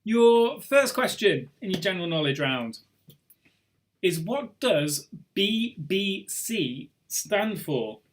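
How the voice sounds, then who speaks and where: Chatty young quiz host. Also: male voice, sits high, big pitch swings, takes it slowly. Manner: chatty and rambling, drifting off topic with chuckles. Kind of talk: live online pub quiz hosting.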